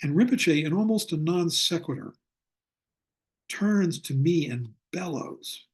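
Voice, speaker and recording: An older man teaching a Buddhist class over a video call, speaking in a reflective way and slowing down to stress his points. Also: fairly high pitch, animated, slightly rough. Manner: reflective, slows down for emphasis. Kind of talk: online lecture with storytelling.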